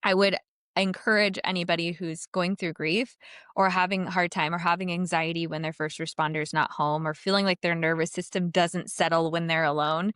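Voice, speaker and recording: A low-voiced woman speaks as a therapist guest on a podcast, calm and reassuring, walking through ideas with simple examples. The sound is close and dry, with no room around it. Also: clean tone, no echo. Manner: gentle, reassuring, explains with examples. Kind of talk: conversational podcast interview.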